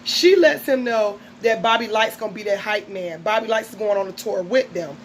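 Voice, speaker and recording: A woman's voice: mid-range voice, moderate pace, slight background noise, rough recording. A woman casually recapping a reality show episode in a chatty, gossipy way.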